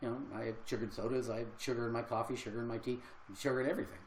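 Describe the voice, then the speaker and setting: A man's voice: mid-range voice, level tone, racing, reverberant, low-quality recording. An older man and health coach talking casually on a livestream, earnest and rambling with fillers.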